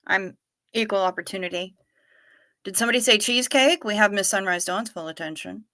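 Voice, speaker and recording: A woman's voice: mid-range voice, fairly quick, bright, forceful tone, dry recording, clean studio sound. A woman hosting a live stream in a casual, chatty way, reading out viewer comments with wry asides and repeating herself for effect. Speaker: livestream host.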